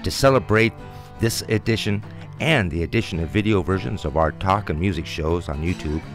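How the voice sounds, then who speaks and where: A man reading a scripted radio station promo as announcer, in a smooth promotional delivery. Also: low-pitched, moderate pace, music in the background.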